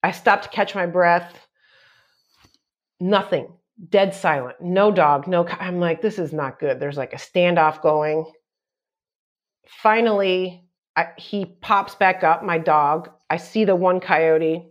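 Animated woman telling a wild story. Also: fairly low pitch, slow pace, muffled recording. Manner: animated storyteller, acts out shouts and quotes. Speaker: guest comedian. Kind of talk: casual podcast storytelling.

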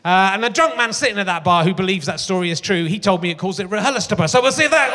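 Bright high-voiced man hosting on stage. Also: lively intonation, fast talker, few pauses. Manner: rambling, self-mocking, lots of fillers and restarts. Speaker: host of a live comedy talk show. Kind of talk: stand-up style chat on stage. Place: large theatre stage before a live audience. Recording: long theatre reverb.

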